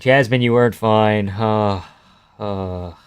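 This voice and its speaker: A young man chatting casually and profanely on a live fight reaction stream, joking and yelling at the screen. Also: fairly low pitch, slow pace, smooth. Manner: excitable, profane, laughing, yells at the screen.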